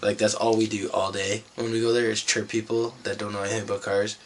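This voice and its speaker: A man's voice: on the low side, flat delivery, fast talker, a little hiss or hum. A young man from Canada vlogging, telling a rambling, profane story in a laid-back way. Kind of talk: casual storytelling vlog.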